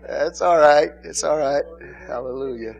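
A middle-aged male pastor, preaching in a joking, animated way and calling out to the congregation. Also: on the high side, moderate pace, vocal fry, breathy edge. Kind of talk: sermon.

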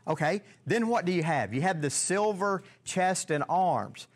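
A man's voice: high voice, animated. A man teaching a Bible lesson in a conversational way, often repeating words and putting questions to his listeners. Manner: halting, repeats words, asks the audience questions.

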